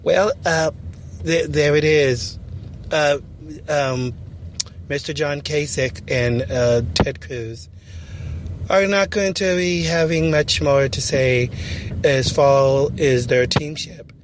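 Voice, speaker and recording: A man playing a slow, halting news reporter. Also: fairly high pitch, noisy background. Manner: halting, full of ums and pauses. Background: music.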